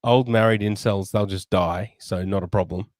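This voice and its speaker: A middle-aged man with a fairly low voice, chatting crudely on a podcast with lots of swearing and laughter. The sound is close and dry. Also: fairly even intonation, moderate pace, dry recording. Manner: crude, profane, laughs often. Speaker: podcast co-host. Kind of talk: casual podcast chat.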